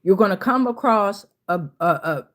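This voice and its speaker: A woman's voice: medium pitch, animated, moderate pace. A woman hosting a tarot livestream, reading out viewer comments in a slangy, playful, chatty way and greeting people by name.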